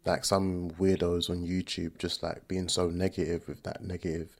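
A man's voice: sits low, flat delivery, moderate pace, creaky, a little mellow. A man hosting a casual podcast chat with slangy, upbeat remarks. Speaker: podcast host.

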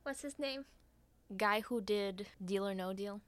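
A woman's voice: mid-range voice, measured pace, a bit bright, clean tone, no room sound. A woman co-hosting a comedy podcast, firing off crude quips and mock voices. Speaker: podcast co-host. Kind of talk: casual comedic chat.

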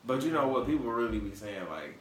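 A man's voice: mid-range voice, very animated, quick pace, crowd noise. A man hosting a casual podcast, with a light Southern accent mixed with Detroit, talking loose and slangy with lots of restarts. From American South, raised in Michigan. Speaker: podcast host. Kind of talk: casual podcast chat on a live stream. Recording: echoey, distant mic with faint noise.

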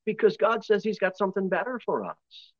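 A man with a Northern US accent, a pastor giving a sermon in a conversational style with quick asides and voiced impressions. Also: sits high, animated, no room sound, muffled recording. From northern United States.

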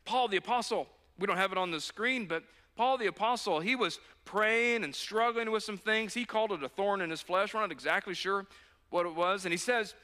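Pastor guy preaching, high bright voice, earnest, lots of repeating for punch, long echo from the hall. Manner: earnest, urging, repeats phrases for emphasis. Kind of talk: sermon.

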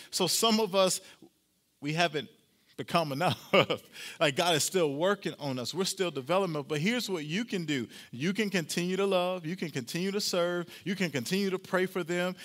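A pastor, a man, preaching a sermon, repeating key phrases, slowing down to stress them, and often talking straight to the congregation. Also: high voice, fairly bright tone. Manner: addresses the congregation directly and often.

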